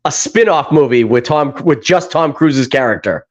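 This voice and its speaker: A man, hosting a casual podcast chat and excitedly retelling comedy scenes, swearing and laughing as he goes. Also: mid-range voice, moderate pace. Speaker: podcast host. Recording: dull lo-fi sound.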